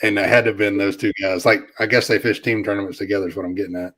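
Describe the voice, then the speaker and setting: A man in casual chat, relaxed, giving short replies and asking questions about fishing. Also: on the low side, very fast.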